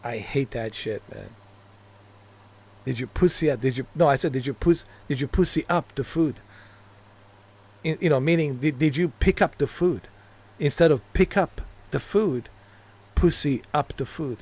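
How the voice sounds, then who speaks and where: A man's voice: a little high, expressive, moderate pace, long pauses, a little mellow. Rambling, laughing man telling stories. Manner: rambling, laughs at his own stories, curses freely. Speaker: gaming streamer. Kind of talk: casual storytelling chat.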